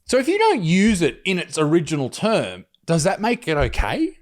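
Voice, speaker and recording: A man hosting a reaction commentary in a blunt, sarcastic, animated way. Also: high voice, moderate pace. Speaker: commentary host.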